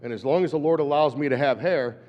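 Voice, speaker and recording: A man in his fifties, an animated storyteller who acts out voices, giving a talk at a conference. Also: on the high side, fast talker. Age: 50s. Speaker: conference speaker. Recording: dull hall recording with long reverb.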